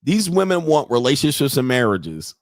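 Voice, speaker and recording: A man's voice: mid-range voice, very animated, moderate pace, dry recording. A young man running a brash, mocking reaction commentary, his slang loose and his voice in a middle register. The sound is dry and close, with no room in it. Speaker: commentary host.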